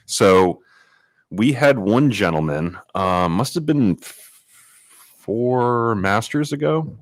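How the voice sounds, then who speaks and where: A man co-hosting a podcast, telling a story in casual chat and acting out the people in it with sudden high-pitched quotes. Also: takes it slowly, dry recording. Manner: animated, acts out quotes in a high voice. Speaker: podcast co-host.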